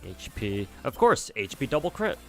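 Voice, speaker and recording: A man streams a game with faint game music behind him, muttering to himself, chatting casually and swearing freely. His medium-pitched voice is sing-song and a bit bright at a moderate pace, the talk being casual gameplay commentary.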